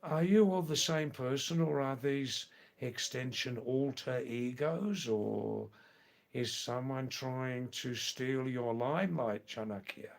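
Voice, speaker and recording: Slow, unhurried older Australian man. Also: mid-range voice, vocal fry. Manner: unhurried, answers each message personally, repeats words. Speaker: live-stream host. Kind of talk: live-stream chat, answering viewer messages.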